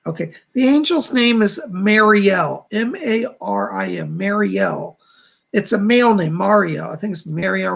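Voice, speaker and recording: A man with a deeply gravelly, fry-laden voice and a husky, breathy edge gives psychic readings on a live stream. He speaks softly and reassuringly, reading viewers' messages aloud before answering them. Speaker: psychic medium.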